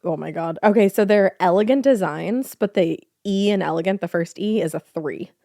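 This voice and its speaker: A woman's voice: mid-range voice, moderate pace, creaky, mellow, dry recording, studio quality. A woman co-hosting a podcast who chats casually and throws in wry, profane remarks. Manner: wry, profane side comments. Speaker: podcast co-host. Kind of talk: casual chat.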